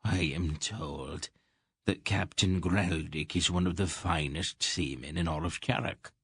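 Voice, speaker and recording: A man reading an audiobook, voicing a calm, courtly earl who speaks in measured, reassuring tones. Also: low-pitched, breathy edge, no echo, exaggerated voice. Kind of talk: audiobook character voice.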